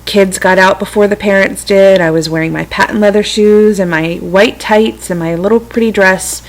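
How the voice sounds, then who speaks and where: Middle-aged lady chatting softly into her webcam at home, reflective, laughs at herself now and then. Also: medium pitch, fairly even intonation, moderate pace, few pauses, rough recording. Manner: gentle, reflective, with self-amused asides. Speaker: vlogger sharing personal stories. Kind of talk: casual spiritual talk to camera. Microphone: computer webcam mic.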